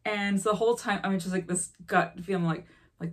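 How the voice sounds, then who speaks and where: A woman's voice: mid-range voice, steady tone, a little fast. A woman in her thirties from the Chicago area gives a candid, casual life update, acting out the exchanges she describes. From Chicago area, Illinois. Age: 30s. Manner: chatty and candid, acts out quoted exchanges. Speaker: vlogger.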